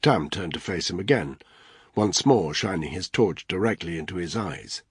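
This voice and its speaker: A man narrating an audiobook thriller in steady, even storytelling. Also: low voice, moderate pace, breathy edge, no room sound, clean studio sound.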